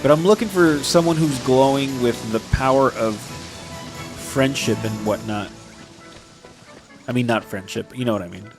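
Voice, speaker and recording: A man's voice: mid-range voice, a little slow, pauses often, over music. A man with a stuffy nose giving rambling, casual commentary while playing a video game. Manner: rambling and casual, many fillers. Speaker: gamer playing on stream. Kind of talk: let's play commentary.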